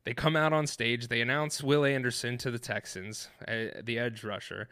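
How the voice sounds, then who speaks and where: Guy on a podcast, bright edgy voice, dry close sound, rambling and hyped, tripping over his words. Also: medium pitch, moderate pace, smooth, dry recording. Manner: excited, rambling, with many restarts and fillers. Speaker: podcast co-host. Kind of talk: animated storytelling in casual chat.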